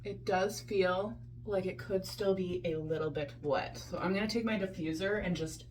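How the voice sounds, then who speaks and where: Woman, casual vlog chat, chatty, self-deprecating, lower voice. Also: normal speed, noisy background. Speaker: vlogger.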